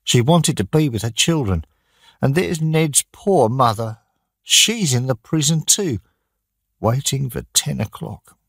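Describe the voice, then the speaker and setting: A man's voice: medium pitch, lively intonation, measured pace, no room sound, clean studio sound, voice pushed up. A man voicing a helpful townsperson who explains things sympathetically in a storybook reading. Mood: sympathetic. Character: helpful townsperson answering at a hotel.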